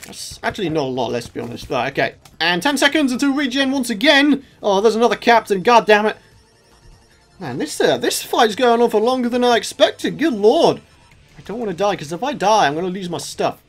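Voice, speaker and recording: Young man, let's play commentary, excitable, very lively pitch, repeats himself when tense. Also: brisk, soft background music. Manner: excitable, shouts at enemies, lots of repetition. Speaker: gaming YouTuber.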